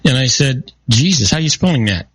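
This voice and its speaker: A man's voice: medium pitch, lively intonation, a little fast, background noise. A man co-hosting a radio chat, telling corny pun jokes in a playful way. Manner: jokey, telling groan-worthy pun stories.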